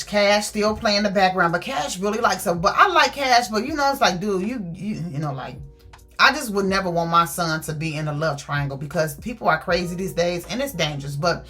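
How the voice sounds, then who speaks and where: A woman's voice: lowish voice, a bit bright. A woman chatting casually through a book review, retelling the story with lots of fillers.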